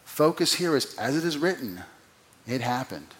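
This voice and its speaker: Preacher swinging from loud to hushed. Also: male voice, big pitch swings, normal speed. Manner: swings from loud emphatic peaks to quiet low drops; asks the listeners rhetorical questions. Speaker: pastor. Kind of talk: expository sermon.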